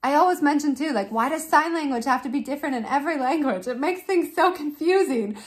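Mom vlogging, kinda high voice, keeps cracking up at what she's watching, chatty and animated. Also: fast talker. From Canada. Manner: amused, laughs often, animated. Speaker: vlogger and parent. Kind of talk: casual reaction commentary.

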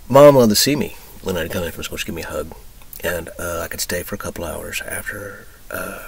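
A man from Texas talking through his memories in a rambling personal monologue, emotional and profane, drifting from loud outbursts into whispers. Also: deep voice, normal speed, gravelly, breathy edge, rough recording. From Texas, USA. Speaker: vlogger.

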